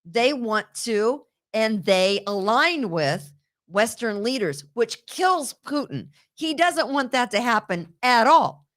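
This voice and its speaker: A woman hosting a casual political talk show, animated and quick to laugh, often repeating words as she goes. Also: a little high.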